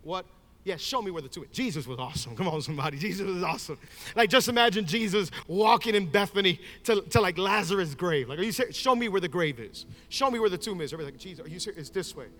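A man preaching a sermon in a church, moving from casual storytelling to shouted, fervent exhortation. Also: high-pitched, lively intonation, fast talker. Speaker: pastor. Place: church sanctuary with congregation.

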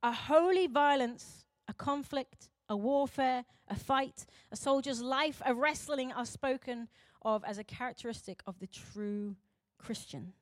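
A young adult woman pastor, preaching emphatically, swinging between loud urgent calls and quiet intense moments. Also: sits high, a little slow, no echo, clean studio sound. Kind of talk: sermon.

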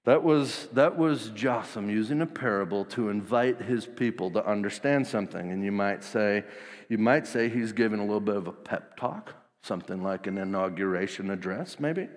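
A man's voice: fairly low pitch, moderate pace. A man preaching in a casual, jokey, slangy way, retelling a story. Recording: long hall reverb.

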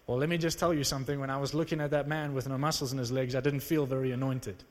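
A young man from South Africa preaching a sermon, telling a personal testimony with animated storytelling that rises into excited exclamations. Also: mid-range voice, quick pace. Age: young adult. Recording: reverberant hall.

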